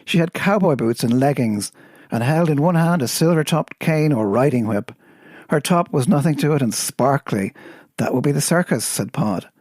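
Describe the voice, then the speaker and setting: A man with an Irish accent, a host, reading a poem aloud in a lively storytelling way. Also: fairly high pitch, moderate pace, no echo, studio quality. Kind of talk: poetry reading.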